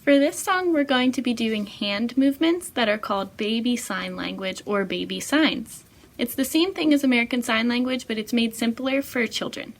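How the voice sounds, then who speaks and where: A woman, a children's librarian, patiently giving clear step-by-step directions for baby signs. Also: a little high, normal speed. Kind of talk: step-by-step baby sign instruction.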